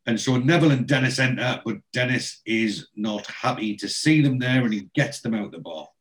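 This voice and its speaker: A man talks through a TV episode on a podcast with a loose, rambling flow. His voice sits at an ordinary middle pitch, and he throws in casual swearing as he goes. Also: moderate pace. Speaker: podcast co-host. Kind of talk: casual chat recapping a TV episode.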